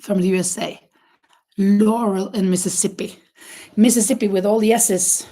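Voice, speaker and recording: A woman's voice: mid-range voice, steady tone, moderate pace, dark tone. A woman hosting a crochet livestream, chatting casually with viewers, with many fillers and restarts and frequent laughs. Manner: laughs often.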